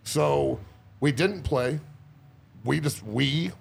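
A man's voice: a little high, very slow, gravelly, a little hiss or hum. A man in his forties, a former football player guesting on a podcast, telling boisterous, profane stories with lots of laughter. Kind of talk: casual chat.

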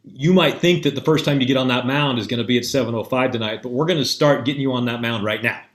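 A man's voice: mid-range voice, fast talker. A man, a mental performance coach, telling a story in a casual way and acting out both sides of the dialogue. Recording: roomy echoey sound.

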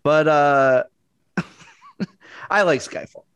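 A man co-hosting a podcast in relaxed chat. He is easygoing and laughs a lot. His voice sits a little higher than most men's. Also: very slow, clear, resonant tone, no room sound. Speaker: podcast co-host.

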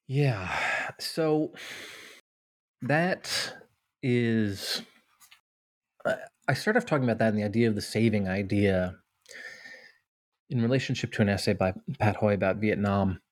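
Earnest low-voiced man, dry close mic. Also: measured pace, long pauses, no echo. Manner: earnest, thoughtful, many restarts and "right?" tags. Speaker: author and veteran guest. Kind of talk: reading aloud then interview answers.

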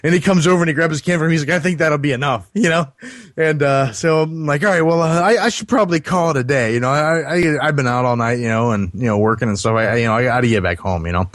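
A man's voice: a little high, fast talker, a bit bright, no room sound, studio quality. A man telling a long personal story on a podcast, rambling with many fillers and restarts. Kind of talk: casual storytelling.

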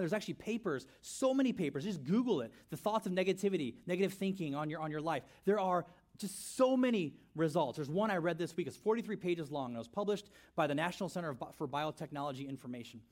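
Male pastor, energetic sermon delivery, slightly high voice, repeats key lines. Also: fast talker, hardly any pauses. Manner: animated, rhetorical questions, repeats phrases.

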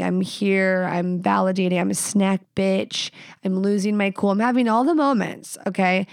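A woman's voice: on the low side, vocal fry, a little mellow, no echo, studio quality. A woman in her thirties hosting a podcast, giving blunt, candid advice in a casual, profane way.

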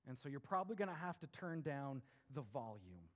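A man's voice: medium pitch, very animated, a little fast, fairly bright tone. A middle-aged man preaching a sermon in a conversational way, often checking in with "right?" and acting out voices. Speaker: pastor.

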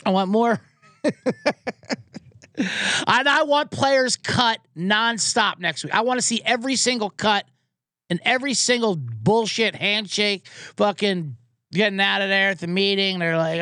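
A man's voice: high-pitched, a little slow, sharp tone, no echo, studio quality. A man hosting a comedy sports podcast, ranting with profanity and getting fired up. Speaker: podcast host.

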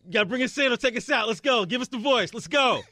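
A man's voice: very high-pitched, fast, pushed and bright. A man on a radio show crew, chiming in and eagerly teasing the host. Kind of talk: casual radio chat.

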